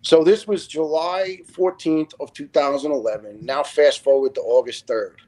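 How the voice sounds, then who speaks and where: A man's voice: on the high side, moderate pace. Blunt, earnest storytelling middle-aged man. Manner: animated, acts out quoted dialogue. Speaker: retired fire lieutenant, podcast guest. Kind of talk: emotional first-person storytelling on a podcast.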